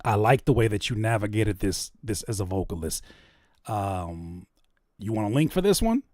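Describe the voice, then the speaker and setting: Guy reacting to songs on a livestream, lively up and down voice, jokey and cussing, dry close sound. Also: on the low side, moderate pace, dry recording. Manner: animated, joking, cursing. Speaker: music reaction host. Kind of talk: livestream music feedback.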